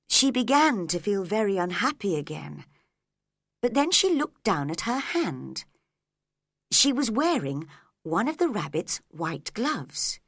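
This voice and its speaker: A woman narrating a storybook in a slow, gentle, expressive reading. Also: medium pitch, no room sound, clean studio sound.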